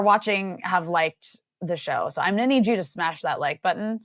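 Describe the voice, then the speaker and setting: A woman's voice: lowish voice, moderate pace, few pauses, fairly bright tone, no room sound. A woman co-hosting a political talk show, chatty and playfully scolding. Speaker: co-host.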